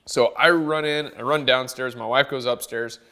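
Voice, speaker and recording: Man, 30s, casual storytelling, animated, laughs often, mid-range pitch. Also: normal speed, clean tone. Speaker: podcast guest, golf caddie.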